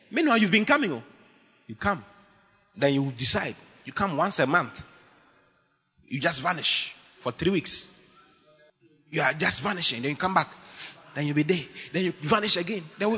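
A man preaching a lively, humorous sermon as pastor, teasing his congregation with bursts of shouting. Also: fairly high pitch, moderate pace, long pauses, husky, in a large hall.

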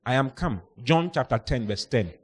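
A male pastor preaching a lively sermon, reading scripture and acting out the people in it, sometimes shouting. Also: medium pitch, normal speed, breathy edge. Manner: animated, shouting out and acting out Bible characters.

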